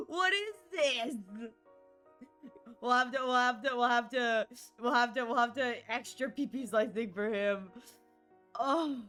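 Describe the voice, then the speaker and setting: A woman's voice: fairly high pitch, expressive, takes it slowly, long pauses, fairly bright tone, soft background music. A woman streaming a game, laughing hard and squealing through casual commentary.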